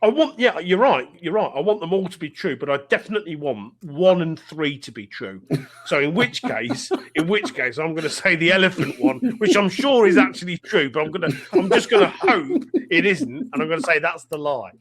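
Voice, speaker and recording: A man's voice: fairly high pitch, lively intonation, a little fast, a bit bright. A middle-aged English man co-hosting a casual pub-style podcast, telling stories and often laughing as he talks. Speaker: podcast co-host.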